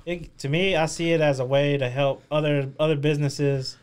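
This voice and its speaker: A man who owns a small business, a guest on a podcast, talking in a relaxed, casual way and often adding "you know what I mean". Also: on the high side, moderate pace, clean tone. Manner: laid-back, keeps repeating "you know what I mean". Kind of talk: casual interview chat.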